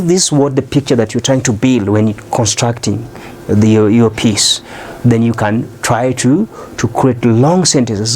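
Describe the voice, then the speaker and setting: A man teaching a recorded English lesson. He explains step by step, often pausing on "uh" and checking in with "okay?". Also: mid-range voice, a little mellow, a little hiss or hum.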